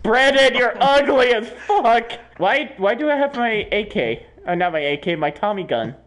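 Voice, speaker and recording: A man's voice: sits high, expressive, moderate pace, fairly bright tone. A man laughing and exclaiming while playing a game with his friends. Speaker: gamer. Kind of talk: casual gaming chat with friends.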